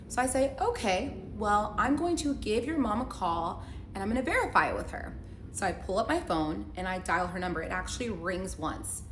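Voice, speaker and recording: A woman's voice: medium pitch, animated, normal speed. Chatty young woman telling a story. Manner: chatty, heavy use of "like" fillers, acts out quoted dialogue. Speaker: storyteller recounting a relationship. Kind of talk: casual story-time vlog. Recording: echoey room with faint noise.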